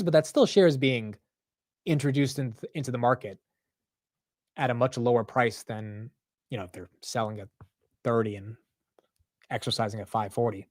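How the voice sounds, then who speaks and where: A man hosting a live stock market stream, talking casually and excitably with loose slang and frequent laughs. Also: medium pitch, normal speed, long pauses, dry recording, studio quality. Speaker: market livestream host.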